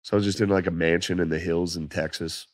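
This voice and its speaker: Man, very deep voice, hoarse, casual profane storytelling, dry close mic. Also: fairly even intonation, fast, no room sound. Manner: laid-back, profane storytelling with laughs. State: losing his voice. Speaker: comedian guest. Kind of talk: casual podcast chat.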